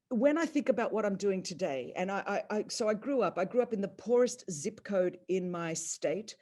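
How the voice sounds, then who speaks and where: Middle-aged Australian woman, animated personal storyteller. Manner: animated, acts out family dialogue with big pitch jumps. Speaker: speaker on a faith call.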